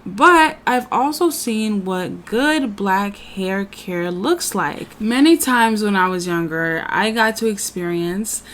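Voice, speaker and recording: A woman's voice: mid-range voice, animated, slow, hardly any pauses, a bit bright, slight background noise. A woman hosts a casual storytime to camera. Her tone is conversational, and she addresses her viewers as y'all. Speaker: channel host.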